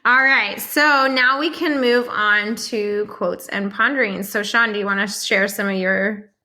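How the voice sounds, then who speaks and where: A woman's voice: mid-range voice, steady tone, unhurried, sharp tone. A woman co-hosting a podcast in casual chat, giggly and encouraging. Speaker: podcast co-host.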